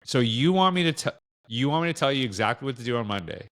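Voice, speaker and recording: A middle-aged man with a Canadian accent chats as a podcast guest. His pitch sits in an ordinary middle range. He rambles loosely, full of fillers and self-corrections. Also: lively intonation, fast talker, a bit bright. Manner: rambling, lots of fillers and restarts, acts out quoted dialogue. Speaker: podcast guest, education speaker. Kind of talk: casual interview chat.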